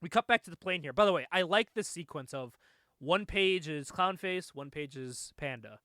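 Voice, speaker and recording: Guy recapping a comic, super lively, keeps laughing, bright dry sound. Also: a little high, normal speed, no room sound. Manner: animated, laughing often, acts out quotes. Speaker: comic review podcast host.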